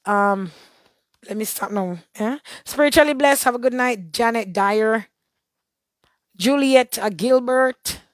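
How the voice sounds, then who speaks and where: Hoarse woman blessing her viewers. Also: on the high side, slow pace, long pauses, no room sound. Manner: warm churchy blessings and shout-outs. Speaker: livestream host. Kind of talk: casual live-stream sign-off, greeting viewers by name.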